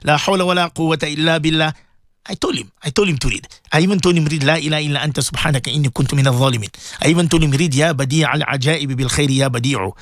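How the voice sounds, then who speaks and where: A man, hosting a radio talk show and retelling a story in an animated, repetitive way. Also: fairly high pitch, very fast, few pauses, no echo. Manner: animated storyteller, repeats words and restarts.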